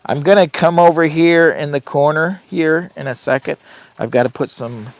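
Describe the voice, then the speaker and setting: A man's voice: fairly high pitch, moderate pace, vocal fry. A man rambling casually on a phone live stream from inside a heated tent, urging viewers to like and share. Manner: chatty, hypes viewers to like and share. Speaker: vlogger livestreaming from a camping trip.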